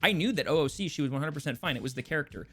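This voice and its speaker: A man from California hosting a podcast, chatting casually, quick to agree and thoughtful. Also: a little high, animated, a bit bright, soft background music. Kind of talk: casual chat.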